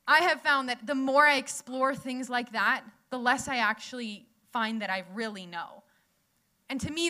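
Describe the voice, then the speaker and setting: A woman's voice: high-pitched, sharp tone. A young woman preaching in a casual, chatty way, asking the audience questions and laughing often. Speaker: speaker at a church gathering. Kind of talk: casual sermon.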